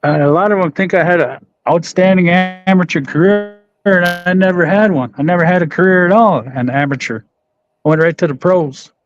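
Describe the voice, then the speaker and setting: A middle-aged man, a professional boxer, answers interview questions in a relaxed, halting way with frequent restarts. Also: high-pitched. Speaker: professional boxer, podcast guest. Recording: dull, dry audio.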